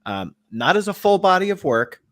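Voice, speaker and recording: A man co-hosting a podcast, sharing opinions in an animated, casual way with easy laughs. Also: high-pitched, normal speed, dry recording, clean studio sound. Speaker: podcast co-host.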